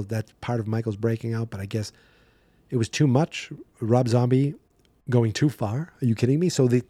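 A man hosting a podcast, casually recapping a film in a chatty, playful way and acting out bits of scenes in quick silly voices. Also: medium pitch, warm tone, no room sound, clean studio sound. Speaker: podcast host.

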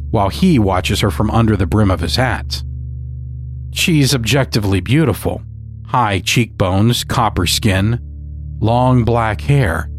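A man narrating a dark story in a measured, scripted storytelling manner. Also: fairly low pitch.

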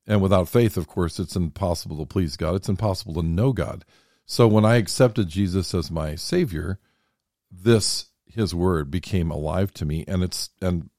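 A man's voice: low-pitched, mellow, no echo. A man hosting a faith podcast in a studio, talking earnestly and reading scripture and commentary aloud. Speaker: podcast host.

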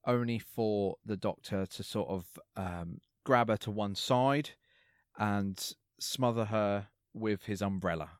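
A man's voice: fairly low pitch, takes it slowly, smooth, no room sound, clean studio sound. A man co-hosting a podcast, casually recapping an episode in a rambling, hesitant way with lots of fillers.

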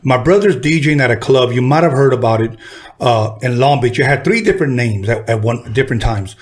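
A man hosting a casual talk, telling a story with animated delivery and acting out the voices of people in it. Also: fairly quick. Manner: animated, acts out quoted voices with jumps in pitch. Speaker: podcast host telling a story.

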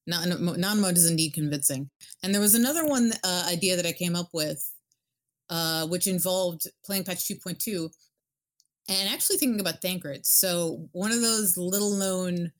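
A woman co-hosting a casual chat about a video game. She rambles, swears casually and gets animated. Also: on the low side, moderate pace. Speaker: podcast co-host.

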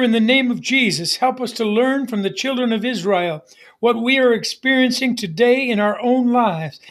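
Man, middle-aged, pastor, very high voice, emphatic preaching, repeated refrains. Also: fairly bright tone. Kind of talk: sermon.

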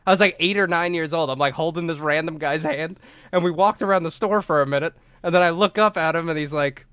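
Young male podcast co-host, raised voice, profane and animated storyteller, dry close mic. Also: a little high, brisk, dry recording. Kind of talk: casual storytelling chat.

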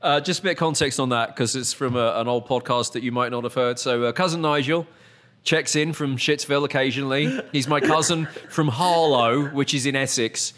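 Chatty English podcast host. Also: male voice, medium pitch, brisk, a bit bright. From England. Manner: chatty, self-deprecating, many fillers. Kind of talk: casual podcast chat.

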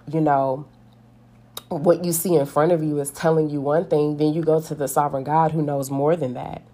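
Woman with a low mellow voice doing a chatty devotional, earnest and plainspoken. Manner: earnest, conversational, frequent "like" fillers. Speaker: devotional speaker. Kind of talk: devotional talk.

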